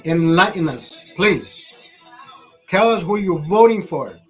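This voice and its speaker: A man's voice: high voice, lively intonation, slow pace, soft background music. A man hosting a live stream, ranting in a rambling, profane way with laughing asides. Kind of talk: livestream rant.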